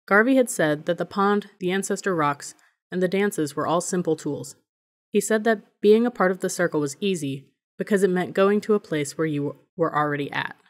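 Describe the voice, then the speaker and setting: A woman narrating an audiobook in a measured, even reading voice. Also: on the low side.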